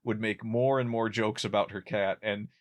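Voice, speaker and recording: A man's voice: fairly low pitch, fairly even intonation, moderate pace. A man co-hosting a podcast, chatting casually about a classic sitcom, rambling with frequent restarts and chuckling at his own jokes. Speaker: podcast co-host.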